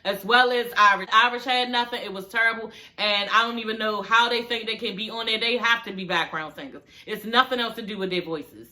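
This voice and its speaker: A woman who reviews shows chats casually with her viewers, reacting in a sassy, blunt way, swearing freely and mockingly singing snippets. An adult with a daughter, she has a slightly high, bright, forceful voice and talks briskly with few pauses. She sounds close to the mic in a home setting.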